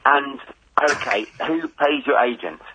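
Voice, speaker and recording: A man calling into a radio phone-in, speaking in a slow, measured and insistent way with halting pauses. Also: medium pitch, pushed and bright, slightly rough. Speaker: caller. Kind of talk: phone-in call. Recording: muffled dry phone line.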